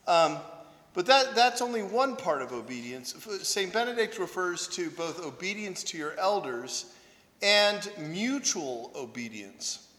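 A man's voice: sits high, lively intonation, unhurried, pushed and bright, in a large hall. A man who is a priest and monk, telling humorous self-deprecating stories in a conversational sermon, often checking in with "right?". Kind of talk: anecdotal sermon talk.

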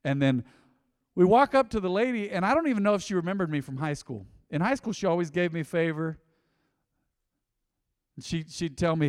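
A man preaching a sermon as pastor, telling stories with lively swings between loud and soft delivery. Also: high-pitched, fairly quick, pauses often, big-room sound.

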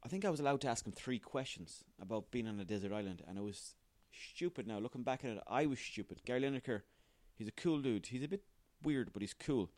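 Sweary, rambling podcast host. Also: male voice, medium pitch, lively intonation, fast, few pauses, a little mellow, no echo. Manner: sweary, rambling and self-mocking. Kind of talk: solo comedic podcast rant.

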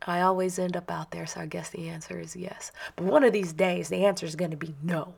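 Woman, 30s, parent, animated storyteller, low voice with some fry. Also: brisk, few pauses. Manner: animated, chatty, self-mocking. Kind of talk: personal storytelling monologue.

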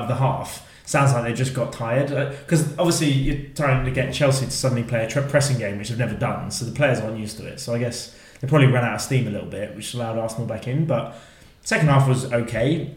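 A man's voice: medium pitch, darkish tone. A man co-hosting a casual football podcast, talking in long, rambling runs of chatty opinion. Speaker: podcast co-host. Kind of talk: casual chat about football. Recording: echoey room.

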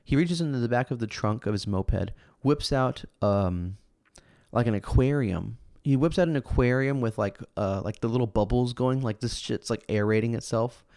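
A man hosting a podcast in a casual chat, rambling and laid-back, full of fillers and restarts, animated when telling stories. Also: mid-range voice, moderate pace, dry recording, studio quality.

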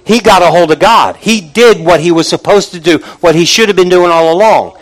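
A man preaches an emphatic, repetitive sermon, often dropping to a low, quiet voice and calling questions out to the congregation. He speaks fairly quickly, and the audio quality is poor.

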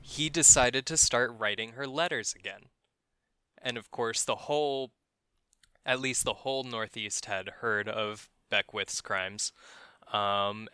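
Male podcast host, true-crime storyteller; low-ish, bright, smooth voice; casual, wry and profane. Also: dry recording. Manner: profane, wry, laughs at grim details.

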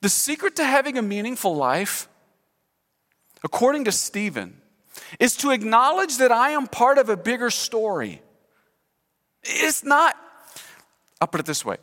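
A male pastor preaching a sermon to a congregation in a church, animated and acting out quoted speech, leading the room in call-and-response. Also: very high-pitched, moderate pace. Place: church sanctuary. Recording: long hall reverb in church.

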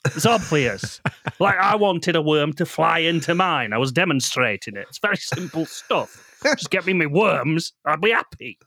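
A man's voice: fairly high pitch, expressive, normal speed, bright, forceful tone, no room sound, pitched above the performer's own voice, exaggerated voice. A man voicing a tall male monster with a put-on Australian accent, swaggering and crude. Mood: insistent. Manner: swaggering, crude, breaks into laughter. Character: the Babadook, tall male monster obsessed with worms. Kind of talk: comedy podcast character bit.

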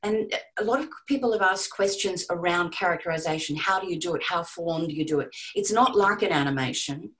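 A woman giving casual, animated advice on audiobook narration to a group. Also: fairly low pitch, a little fast, hardly any pauses, low-quality recording. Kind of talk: casual teaching talk to a group.

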